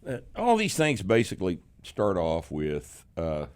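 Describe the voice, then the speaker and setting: A man with an extremely deep, low voice and a mild Texas accent holds forth in an unfiltered, profane chat. He is blunt and mocking, and he often laughs at his own jabs. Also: huge pitch swings, a little slow, clean tone. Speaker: podcast host.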